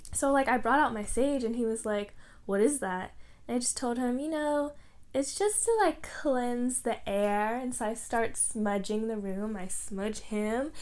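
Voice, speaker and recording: A woman vlogger from Canada telling a personal story in a chatty, animated way, full of "like" and lively quoted dialogue. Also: a little high. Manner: chatty, lots of "like", animated when quoting others. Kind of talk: casual storytelling to camera.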